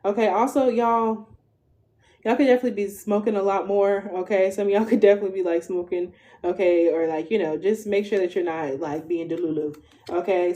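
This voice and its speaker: A woman in her twenties, with a warm voice pitched fairly low, does a chatty live tarot reading. Her delivery is slangy and informal, and "okay?" follows almost everything she says.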